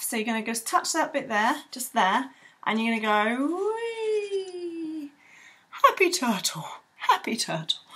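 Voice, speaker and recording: A woman's voice: high-pitched, fairly bright tone, husky. A young woman teaching children to draw in a bubbly, rambling way with playful sound effects. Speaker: art tutor. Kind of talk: drawing tutorial for children.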